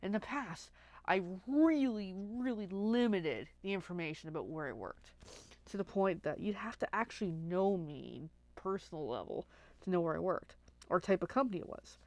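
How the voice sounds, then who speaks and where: A woman's voice: fairly low pitch, moderate pace, no echo. A middle-aged woman telling a long casual story on her craft livestream, chatty and full of "like", acting out what she said back then. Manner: chatty, lots of "like", animated quoting of herself. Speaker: card-making livestream host.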